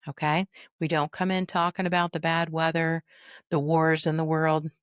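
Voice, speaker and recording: A middle-aged woman, a dementia caregiver and trainer, coaching listeners on a podcast in a lively, folksy, direct way. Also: deep voice, no echo, clean studio sound. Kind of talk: podcast teaching monologue.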